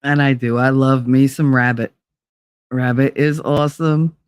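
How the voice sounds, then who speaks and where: A woman hosting a livestream, chatting casually with her viewers, animated, swearing freely and laughing often. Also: extremely low pitch, a little slow, clear, resonant tone, no echo, clean studio sound. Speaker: livestream host.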